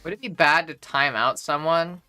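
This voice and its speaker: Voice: medium pitch, normal speed, bright, forceful tone, faint music behind. A young adult streamer casually chatting with a live audience, playful, profane and mock-indignant. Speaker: livestreamer reading chat.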